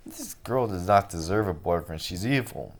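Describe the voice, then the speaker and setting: A man's voice: low voice, animated, normal speed. A man casually reading and reacting to a webcomic with wry commentary. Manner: conversational, wry. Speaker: webcomic reader and reviewer.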